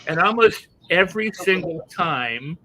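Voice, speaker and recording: Bright-toned male host, reflective and chatty. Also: sits high, animated, a little hiss or hum, rough recording. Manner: conversational, reflective, halting restarts. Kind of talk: casual interview chat.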